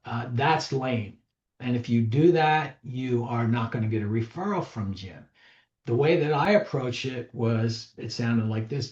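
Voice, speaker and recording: A man's voice: mid-range voice, lively intonation, a little slow, a little mellow. A man giving an emphatic, conversational seminar talk to a live audience, acting out sample dialogues as he teaches. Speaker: real estate trainer. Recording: roomy, slightly dull recording.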